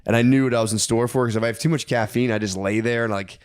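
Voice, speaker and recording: A man on a podcast, spinning a long anecdote in loose, profane casual chat. He rambles, restarts and breaks into laughter. His voice sits at an ordinary middle pitch. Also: steady tone, very fast, clean tone. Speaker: podcast co-host.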